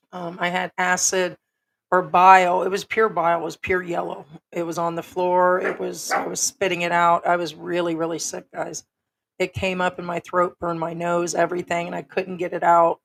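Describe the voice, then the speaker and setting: A middle-aged woman from the United States, hoarse and raspy from being sick, hosting a casual livestream chat in a frank, rambling way. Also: fairly low pitch, little pitch movement, moderate pace, a bit bright, a little hiss or hum. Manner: rambling, frank, with many ums. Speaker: livestream host.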